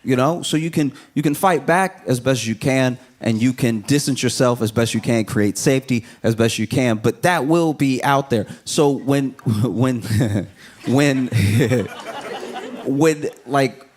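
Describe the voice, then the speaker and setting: A man performing a stand-up comedy set, telling a story with animated delivery and bursting into shrill shouted voices for the people in it, audience laughter behind him. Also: slow.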